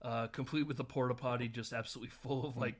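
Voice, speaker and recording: A man's voice: mid-range voice, little pitch movement, fast talker, slightly rough. A man hosting a casual podcast, recapping a film scene by scene and acting out the lines, often laughing. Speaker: podcast host.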